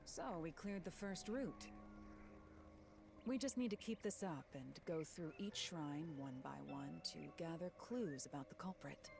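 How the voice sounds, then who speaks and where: A woman voicing a brisk, no-nonsense young female detective in a video game, with music behind. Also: sits low, expressive, vocal fry, heavily acted. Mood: curt.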